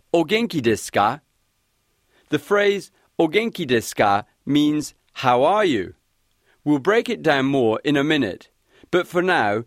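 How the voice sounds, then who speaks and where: Man, language lesson host, clear, encouraging, animated intonation, dry sound. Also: on the high side, dry recording.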